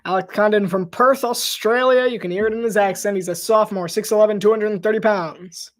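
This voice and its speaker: Calling basketball solo, the amateur commentator speaks fairly quickly, his voice placed high. He gets audibly excited when big plays happen and now and then fumbles a player's name.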